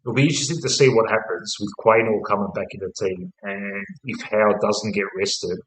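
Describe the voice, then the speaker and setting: A man's voice: lowish voice, steady tone, moderate pace, a bit bright, echoey room, poor audio. A young Australian man co-hosting a casual football chat, rambling and swearing constantly in a laid-back way. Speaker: podcast co-host.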